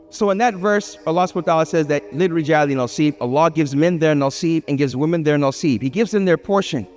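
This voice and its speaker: A man giving a lively public lecture, asking the audience questions and acting out little scenes. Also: high voice. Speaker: Islamic speaker. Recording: hall reverb with faint music.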